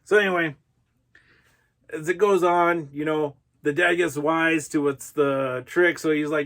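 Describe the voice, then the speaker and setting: Male reviewer, easygoing and slangy, filler-heavy casual delivery, voice sits a bit high. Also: steady tone, a little slow, a bit bright. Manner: laid-back, slangy, constant "you know" fillers. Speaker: movie reviewer. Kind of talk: casual movie recap.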